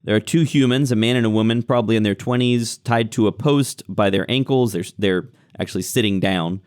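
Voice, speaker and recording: A man's voice: on the low side, brisk, smooth. A man narrating a tabletop game as game master, describing scenes with frequent fillers.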